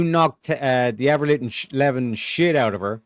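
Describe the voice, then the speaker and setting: A man hosting a show, giving a blunt, profane and animated commentary rant. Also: medium pitch, normal speed, few pauses, smooth, no room sound, clean studio sound. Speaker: show host.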